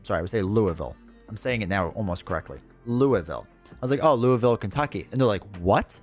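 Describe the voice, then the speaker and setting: A man's voice: low-pitched, lively intonation, quick pace, a little mellow, faint music behind. A man chatting casually with viewers on a livestream, rambling through stories and laughing often. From United States. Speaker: streamer.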